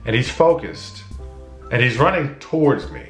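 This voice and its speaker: A man casually telling a personal story to camera, acting out his own shouts and conversations. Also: medium pitch, moderate pace, echoey room, soft background music. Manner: animated, acts out his own shouts and dialogue. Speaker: vlogger.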